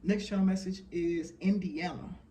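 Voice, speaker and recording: A man's voice: high voice, steady tone, normal speed, warm tone, far from the mic. A man in his thirties giving a casual, rambling monologue full of fillers and blunt profanity. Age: 30s. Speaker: channeler sharing messages.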